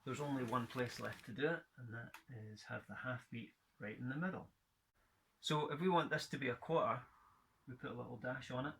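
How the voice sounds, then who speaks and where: A man's voice: mid-range voice, brisk, gravelly, a bit bright, slight background noise. A man from Scotland teaching a guitar rhythm lesson, counting in and chanting rhythm words in time.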